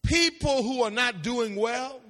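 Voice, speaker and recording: A man preaching a Bible class with animated calls to the audience and sing-song lines that rise into shouts. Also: very high voice, measured pace. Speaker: pastor teaching a seminary class. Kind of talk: preaching-style Bible teaching. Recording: long hall reverb.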